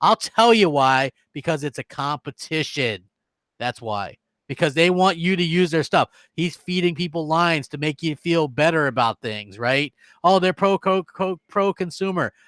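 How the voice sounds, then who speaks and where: Fired-up ranting gaming podcaster. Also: male voice, fairly high pitch, animated, normal speed, a bit bright, dry recording. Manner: fired up, ranting, rhetorical questions. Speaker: podcast co-host. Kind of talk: heated gaming podcast chat.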